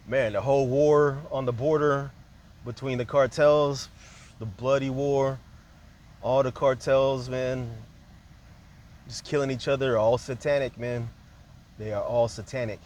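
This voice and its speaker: A man with a medium-pitched, slightly mellow voice delivers a loose, rambling monologue, jumping between points and dropping casual fillers throughout.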